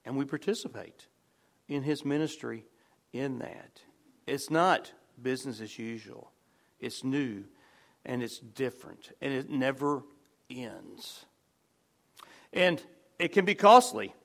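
A man preaching a sermon in a conversational way, restarting phrases often and dropping to soft, low tones on key words. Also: expressive, slow pace, creaky, long pauses. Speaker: pastor.

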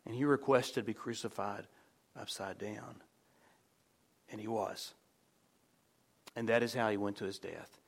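A man preaching a sermon in a conversational way, restarting phrases often and dropping to soft, low tones on key words. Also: fairly even intonation, measured pace, creaky, pauses often, slightly rough. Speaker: pastor.

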